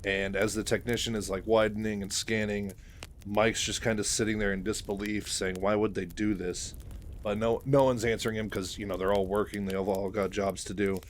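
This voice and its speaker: Male recap narrator, low-ish voice, casual and rambling, filler-heavy. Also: level tone, fairly quick, a little hiss or hum. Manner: rambling, many fillers, chuckles. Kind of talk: casual retelling of a novel.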